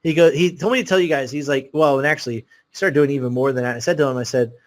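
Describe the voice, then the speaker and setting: Fast-talking man hosting a sales webinar. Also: mid-range voice. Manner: rambling, excitable storytelling with many fillers. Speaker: webinar host selling a course. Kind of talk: live sales webinar pitch.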